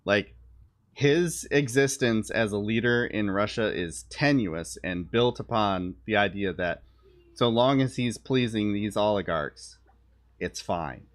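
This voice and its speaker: A man with a somewhat low voice, riffing through loose political commentary on a live stream. He talks bluntly and sarcastically, with offhand swearing and wry asides. He sounds like a young parent chatting to his viewers. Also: a little slow.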